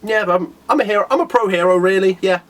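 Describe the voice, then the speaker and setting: A young man in a casual manga chapter review, excitable and rambling, who laughs often and breaks into character voices. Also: high-pitched, fast.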